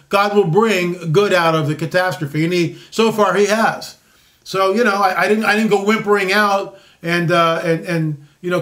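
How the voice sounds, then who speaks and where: A man's voice: high voice, fairly bright tone. A man in his sixties hosting a commentary show, talking in a conversational, opinionated monologue with self-interruptions and mocking asides. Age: 60s.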